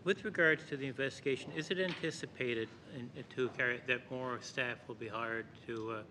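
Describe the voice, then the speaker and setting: A man's voice: medium pitch, steady tone, brisk, background noise. A man, a member asking a hesitant question in committee. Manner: hesitant, searching for words.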